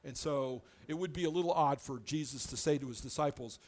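A man delivering a sermon as a pastor, with a mid-pitched voice of ordinary height. He preaches conversationally and plainly, often breaking off and restarting a phrase as he works through his explanation. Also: a little fast.

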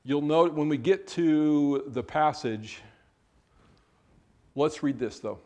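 A man preaching a sermon, reading scripture aloud and explaining it in a relaxed, conversational way with frequent self-corrections. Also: on the high side, slow, long pauses. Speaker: pastor.

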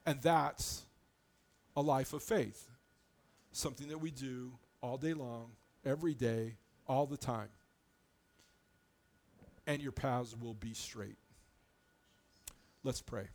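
A man's voice: mid-range voice, takes it slowly, pauses often, a little mellow. A man preaching a sermon as pastor, in a conversational, plain-spoken way, often restarting his phrases as he explains.

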